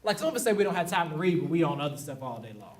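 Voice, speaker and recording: A man's voice: a little high, big pitch swings, racing. A male pastor preaching a sermon in a conversational way, laughing now and then and acting out quotes. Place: church sanctuary. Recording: echoey room, mic at a distance.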